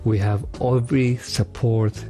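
A man's voice: mid-range voice, flat delivery, a little slow, dark tone, faint music behind. A man speaking as a guest in a radio interview, answering hesitantly with fillers and restarts. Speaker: interview guest, charity run organizer.

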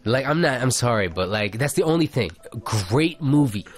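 A man's voice: mid-range voice, expressive, normal speed, soft background music. A man co-hosting a casual podcast chat, joking and reading out listener messages. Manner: laid-back, joking, reads out listener messages. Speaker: podcast co-host.

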